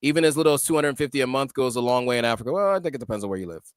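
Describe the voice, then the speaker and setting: Hesitant American man with smooth, dry voice. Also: medium pitch, animated, racing, no echo. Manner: hesitant, many ums and restarts. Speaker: livestream host reading viewer comments. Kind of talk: casual livestream chat.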